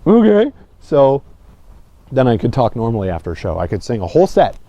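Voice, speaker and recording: A man giving a casual public speaking lesson, talking conversationally and often checking in with "okay?", dropping low and quiet to make a point. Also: huge pitch swings, fairly quick, no room sound. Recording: slightly dull lo-fi sound.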